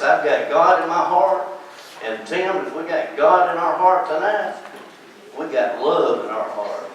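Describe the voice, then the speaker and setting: An older man speaks slowly and with feeling, like a preacher, his voice sitting a little high. He is picked up from a distance in a very echoey hall. Faint noise hangs underneath. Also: animated. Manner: preacherly, emotional, repeats himself. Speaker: candidate at a political forum; choir leader and ordained deacon. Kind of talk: heartfelt campaign speech.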